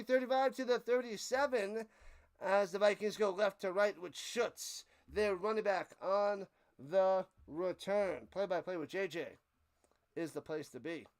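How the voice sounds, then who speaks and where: A young man with a high, smooth and clear voice calls a live football game on his stream. He jokes around, plugs a friend's channel and laughs as he fumbles a player's name. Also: normal speed. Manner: jokey, animated, stumbles over names. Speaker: play-by-play streamer and host. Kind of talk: live play-by-play commentary.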